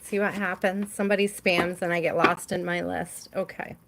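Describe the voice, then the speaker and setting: A woman's voice: fairly low pitch, little pitch movement, moderate pace, creaky, very noisy. A woman hosting a live tarot stream, reading cards for viewers by name in a chatty way and laughing often.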